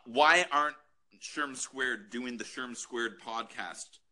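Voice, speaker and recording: A man's voice: medium pitch, slow pace, pushed and bright. A man hosting a casual podcast chat, teasing his guest and laughing often.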